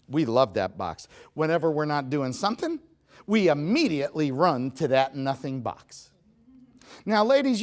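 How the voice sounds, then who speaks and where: A middle-aged man giving a humorous seminar talk to a live audience, animated and joking, speaking straight to the crowd. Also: a little high. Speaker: motivational speaker.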